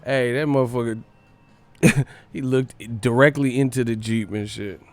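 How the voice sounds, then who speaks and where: A man's voice: mid-range voice, steady tone, a little slow. A man hosting a livestream, casually reading comments aloud in a profane, slangy way, often breaking into laughter. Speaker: livestream host.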